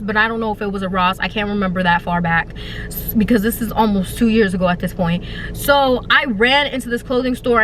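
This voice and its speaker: A young woman with a high, bright voice recounts a scary storytime for her channel. She talks in loose, profane slang and breaks into exaggerated wails and fake crying. A faint hiss sits under her voice. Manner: dramatic, swings into high wailing and mock crying. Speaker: YouTuber telling a storytime. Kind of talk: animated storytime vlog.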